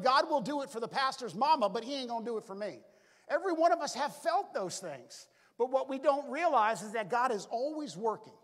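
A man's voice: extremely high pitch, a bit bright. A male pastor preaching a sermon, retelling the story and acting out the characters' lines, often saying "all of a sudden" and "be able to". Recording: long reverb from a large hall.

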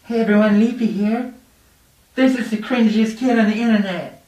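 A man's voice: sits high, steady tone, normal speed, darkish tone, voice pushed up, natural voice. Man doing whiny sneering young dude; roomy, distant sound. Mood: disgusted. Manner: sneering, disgusted. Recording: echoey room, from a distance.

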